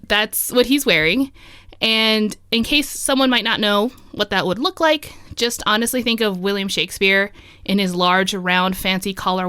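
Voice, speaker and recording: A woman's voice: medium pitch, bright, forceful tone, smooth, dry recording. A woman hosting a podcast, chatting casually and laughing often as she tells ghost stories. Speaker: podcast host.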